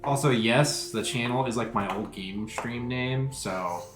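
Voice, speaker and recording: A man's voice: mid-range voice, a little slow, reverberant, music in the background. A man running a tabletop game who chats casually and explains the rules patiently. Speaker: game master.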